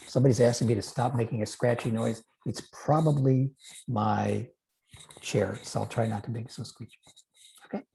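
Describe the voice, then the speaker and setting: A man, a novelist, reading aloud from his own book in a measured, expressive way. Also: medium pitch, vocal fry, poor audio.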